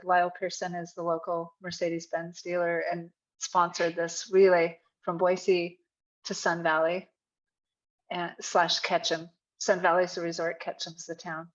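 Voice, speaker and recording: Modest low-voiced woman guest. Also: muffled recording. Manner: modest, matter-of-fact. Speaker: podcast guest. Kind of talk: casual interview chat.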